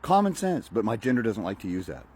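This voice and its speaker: Blunt, profane man with a husky voice. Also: on the low side, sing-song, fast, darkish tone. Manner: preachy, uses film analogies. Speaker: fathers' rights advocate and consultant. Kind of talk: motivational rant to camera.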